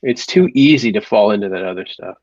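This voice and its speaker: Man, podcast co-host, earnest and halting with many restarts, mid-pitched, muffled dry mic. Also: lively intonation, darkish tone, dry recording. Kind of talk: casual chat.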